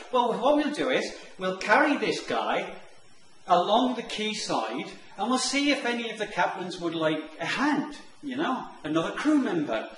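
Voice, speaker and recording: A man telling a long comic anecdote, animated and acting out the characters' lines. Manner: animated, acts out the characters' lines in higher voices. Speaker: online marketing presenter. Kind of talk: storytelling anecdote. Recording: echoey room with faint noise.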